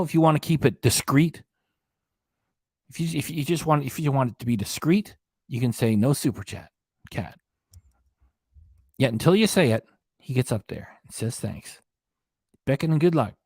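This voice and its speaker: A man's voice: on the high side, dry recording, studio quality. A man hosting a livestream commentary, sarcastic and scornful, rambling as he reads comments. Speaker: commentary channel host.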